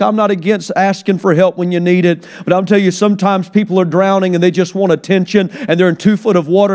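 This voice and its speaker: High-voiced pastor preaching earnestly. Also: male voice, darkish tone. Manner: earnest, conversational preaching with folksy asides. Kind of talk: sermon.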